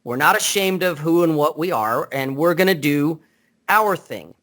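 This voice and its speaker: Blunt, unfiltered man talking, fairly high voice. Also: lively intonation, normal speed, fairly bright tone. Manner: blunt, unfiltered, rambling with restarts. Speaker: podcast guest. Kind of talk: casual interview chat. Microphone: Skype call.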